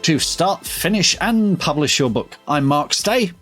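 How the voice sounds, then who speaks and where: A man co-hosting a podcast in easy, casual chat. His voice sits a little high and swings widely in pitch. He tells stories in a playful, self-mocking way. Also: lively intonation, a little slow, a bit bright, soft background music. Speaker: podcast co-host.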